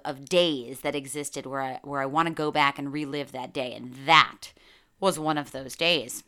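A woman hosting a podcast, telling a candid personal story in an animated way, swearing freely and laughing as she goes. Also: low-pitched. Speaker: podcast host.

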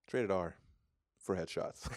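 A man's voice: lowish voice, slightly rough, dry recording, clean studio sound. A man co-hosting a casual movie podcast, joking and rambling and laughing often. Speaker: podcast co-host.

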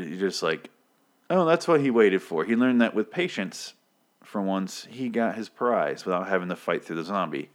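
A man with a somewhat low voice recaps a TV episode in a loose, rambling way. He is sardonic and swears freely, sometimes jumping into brief acted-out outbursts for the characters. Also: a bit bright. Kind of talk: casual spoken recap, rambling.

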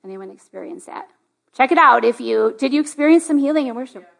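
High-voiced woman preaching chattily. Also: brisk, vocal fry. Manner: chatty, lots of "like", rising to excited. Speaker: pastor. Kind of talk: sermon with personal story. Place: church sanctuary.

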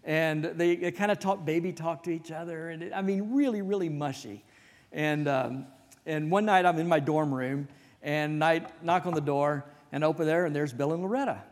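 A man's voice: on the high side, moderate pace. A male pastor giving a conversational sermon, telling folksy stories with self-deprecating asides. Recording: long reverb of a hall.

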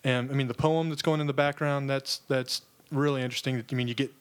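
A man's voice: medium pitch, steady tone, smooth. A man in a casual chat who talks hesitantly, often restarting his sentences. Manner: hesitant, halting, lots of restarts.

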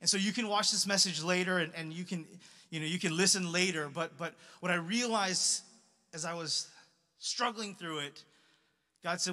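Bright-voiced young man preaching in a hall. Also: high voice, normal speed. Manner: casual, conversational preaching with many fillers and restarts. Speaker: pastor. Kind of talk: sermon. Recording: reverberant hall.

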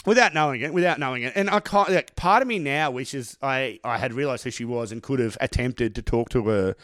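A man's voice: medium pitch, fairly quick, fairly bright tone, dry recording, studio quality. A man with an Australian accent, co-hosting a podcast and telling a sweary anecdote in casual chat. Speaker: podcast co-host.

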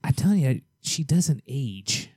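A man co-hosting a podcast in casual chat, teasing and jumping in with quick remarks. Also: medium pitch, sing-song, mellow, breathy edge, no echo. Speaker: podcast co-host.

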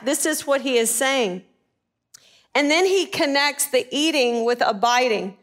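A woman with a high, light voice teaches scripture to a gathered group. She talks with animated energy, often tossing a question out to her listeners and answering it herself. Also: a little slow. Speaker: Bible teacher. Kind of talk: sermon.

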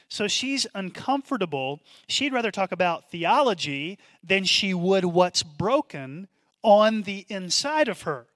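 A man preaching a sermon as pastor, in an animated, conversational way with asides. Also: sits high, dry recording.

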